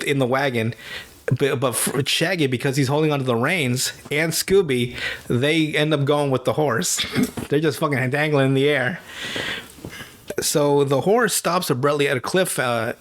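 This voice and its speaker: A man hosting a podcast, retelling a cartoon episode in casual, profane chat, laughing often and slipping into quick character voices. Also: mid-range voice, slight background noise. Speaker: podcast host.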